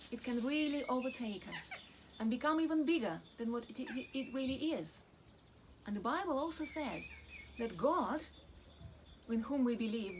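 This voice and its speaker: A woman's voice: on the high side, noisy background. A woman teaching children in a church lesson, explaining simply with everyday examples.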